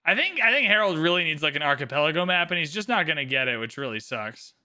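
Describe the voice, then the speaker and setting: A man commentating a live game stream, excitable and theatrical, swinging from shouts to mumbled asides. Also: on the high side, fast talker. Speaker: livestream host commentating an AI game tournament.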